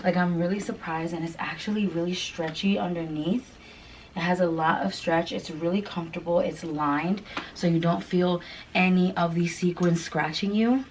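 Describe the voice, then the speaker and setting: A woman's voice: fairly low pitch, fairly even intonation, normal speed, a little hiss or hum, rough recording. A woman chatting through a clothing try-on haul, gushing and chatty with lots of fillers. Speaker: fashion vlogger.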